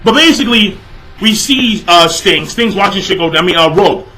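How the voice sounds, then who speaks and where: A young man reviews a manga chapter casually and with exasperation, swearing constantly and padding his speech with fillers. His high voice has lively intonation and a sharp tone, and he talks a little fast. The recording is rough.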